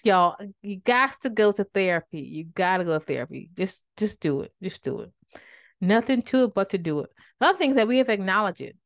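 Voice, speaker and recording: A woman's voice: medium pitch, animated, fairly quick, dry recording. Woman giving heartfelt devotional talk. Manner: conversational, addresses listeners as y'all; emotional, fighting back tears of joy. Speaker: podcast host and Bible teacher. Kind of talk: casual devotional teaching. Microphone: microphone with a faulty cord.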